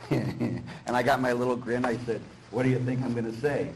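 A middle-aged man, a priest, preaching a sermon in a teasing, animated way, acting out little dialogues. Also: mid-range voice, moderate pace, creaky, slight background noise, rough recording.

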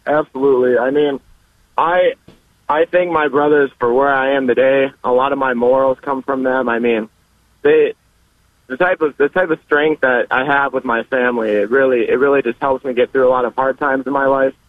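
A young man in his early twenties calls in over a tinny phone line, speaking at a moderate pace in a mid-range voice with fairly even intonation and no echo. In this casual call-in chat, he talks earnestly about family and faith and makes many small restarts.

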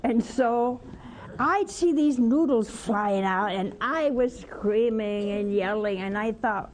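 A woman with a warm, mellow voice preaching as a religious sister. She tells homely stories and keeps turning to her listeners with questions like "see?" and "hmm?". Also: mid-range voice, a little slow, slight background noise. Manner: folksy storytelling with rhetorical questions. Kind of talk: homily-style spiritual talk.

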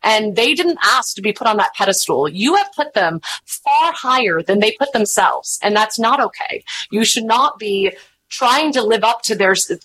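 A woman, chatting in an interview and telling animated stories with voiced quotes. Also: a little high, normal speed, breathy edge, low-quality recording. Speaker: podcast host and guest. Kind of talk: casual interview chat.

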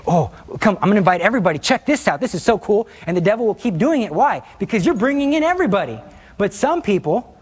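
Animated man giving a faith talk. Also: a little high. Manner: animated storytelling, acts out quoted voices. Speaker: Catholic speaker. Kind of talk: spoken talk with personal testimony.

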